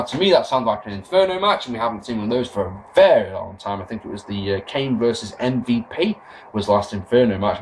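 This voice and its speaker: A man's voice: mid-range voice, a little hiss or hum. A young man recapping a wrestling show in a casual, sarcastic rant, swearing as he goes. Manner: sarcastic, swearing, animated rants. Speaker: wrestling podcast host.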